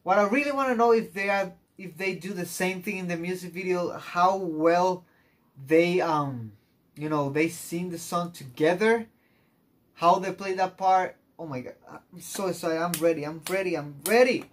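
A man chatting to the camera as a music video reactor, gushing like an excited fan. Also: high voice, normal speed. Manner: chatty, gushing fan talk full of "oh my gosh". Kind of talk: casual reaction chat.

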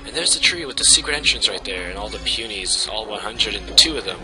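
A man's voice: fairly low pitch, expressive, fast talker, music in the background, low-quality recording. A man giving casual, wry commentary over a video game playthrough. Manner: wry, joking. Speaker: let's play commentator.

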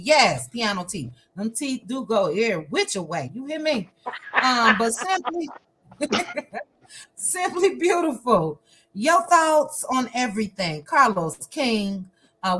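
A woman from Chicago hosting a livestream, chatting casually in a lively, playful, slangy way and reading out viewer comments. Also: medium pitch. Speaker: livestream host.

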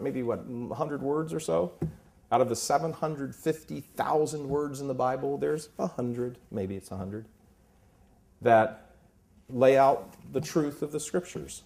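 A man's voice: mid-range voice, a little slow, vocal fry, a little mellow. A man in his fifties giving an emphatic Catholic talk full of stories. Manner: emphatic, impassioned, storytelling. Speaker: Catholic speaker. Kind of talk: preaching talk with anecdotes.

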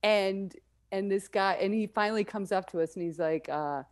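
A woman comedian telling a comic story over a video call, acting out the dialogue with animated delivery. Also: mid-range voice, moderate pace.

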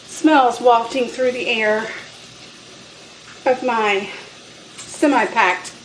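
A woman co-hosting a podcast while baking in her home kitchen, chatty and quick to react. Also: a little high. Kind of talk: casual chat while baking. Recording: echoey kitchen, faint noise.

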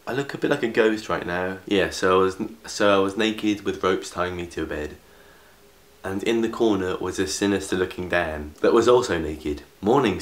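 Young man reading a story aloud, sarcastic asides, lowish voice, echoey room. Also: fairly bright tone. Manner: sarcastic, interrupts himself with asides. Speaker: vlogger. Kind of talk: comedic fan fiction reading. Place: room in grandparents' house.

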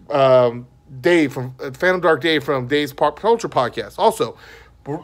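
Male podcast host, slightly high voice, casual and meandering review monologue. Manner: rambling and conversational.

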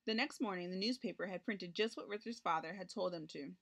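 A woman reading a children's picture book aloud, narrating gently and lifting her voice for the characters' lines. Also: fairly low pitch, a little fast. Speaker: storybook reader.

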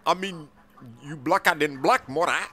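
A young man hosting his channel's game role-play, loud and excitable, slinging slang and calling out to his viewers. His voice is bright and forceful and sits a little high. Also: moderate pace. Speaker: channel host.

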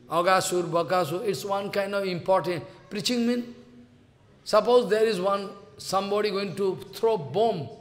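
A man's voice: high voice, fairly bright tone. A man delivers a devotional sermon, telling a story of the gods. He acts out their exchanges by raising his voice. The recording carries a long reverb, as if made in a large hall. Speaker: spiritual teacher.

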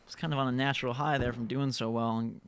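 A young man giving chatty, excitable live commentary while playing a multiplayer game. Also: mid-range voice, fast, slight background noise. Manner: excitable, chatty, reacts loudly to the action. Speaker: gaming YouTuber.

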